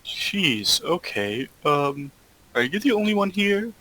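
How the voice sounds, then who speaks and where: A man voicing a young male adventurer who speaks slowly and hesitantly with a wry tone. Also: fairly high pitch, very animated, sharp tone, dry recording, voice pushed up, exaggerated voice, rough recording.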